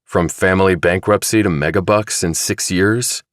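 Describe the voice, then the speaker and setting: Cast: a male narrator as a deep-voiced, steady investigator who presses his questions. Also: moderate pace, no room sound, clean studio sound, lightly acted. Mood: probing. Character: calm, probing male investigator. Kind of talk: audiobook dramatization.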